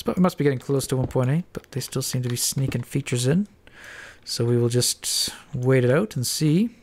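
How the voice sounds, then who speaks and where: Stuffed up and thinking out loud, a Minecraft let's-player talks casually through a building session in a mumbling way. The medium-pitched voice is darkish in tone, with vocal fry.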